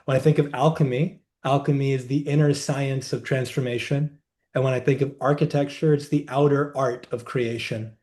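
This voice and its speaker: A man, a guest healer and coach, telling client stories in a measured, reflective way in a podcast interview. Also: mid-range voice, steady tone, a little mellow.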